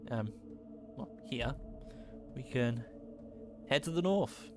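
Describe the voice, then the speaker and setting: A man hosting a playthrough of a role-playing game, reading the on-screen text aloud. He speaks in a halting way, with plenty of ums and uhs, at an average pitch for a man. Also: expressive, music in the background. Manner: halting, many fillers, reads text aloud. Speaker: let's play host. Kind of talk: casual game playthrough narration.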